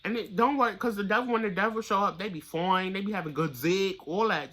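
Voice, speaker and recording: Tarot reader talking straight at you, bright sharp voice, cusses a lot, gets loud and high when hyped. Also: fast talker. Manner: blunt, profane, pep-talk delivery; gets louder and higher when fired up. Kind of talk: casual tarot reading monologue.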